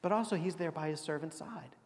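A man's voice: on the high side, a little fast. A man preaching a sermon as pastor, talking in a conversational way and asking his listeners rhetorical questions. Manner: conversational, asks rhetorical questions and acts out quotes. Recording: long reverb of a large hall.

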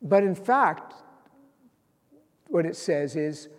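A man's voice: fairly high pitch, animated, slow, in a large hall. A man preaching a sermon, earnest, reading out scripture and stressing key lines. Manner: earnest, quoting scripture with rising emphasis.

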